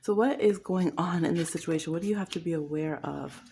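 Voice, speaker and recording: A woman with a low, gravelly, mellow voice gives a casual pick-a-card tarot reading. She is chatty and teasing, laughs often and slips into mocking quoted voices. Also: brisk, slight background noise. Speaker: tarot reader.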